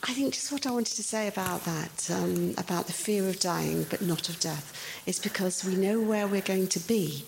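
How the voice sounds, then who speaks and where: A woman's voice: on the low side, moderate pace, creaky, few pauses. A woman in the audience of a talk, making a hesitant comment with fillers. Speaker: audience member. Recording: noisy, far from the mic.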